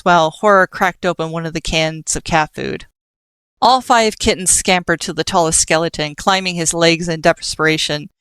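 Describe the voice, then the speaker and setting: A woman reading an audiobook in a steady storytelling manner. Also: sits low, clean tone, dry recording. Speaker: audiobook narrator. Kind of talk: scripted audiobook narration.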